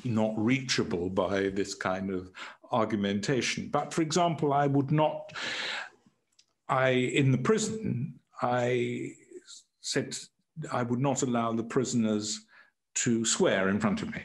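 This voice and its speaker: A man who worked as a prison doctor, telling stories in an interview in a halting way, with many restarts and chuckles at his own anecdotes. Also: mid-range voice. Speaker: former prison doctor and writer.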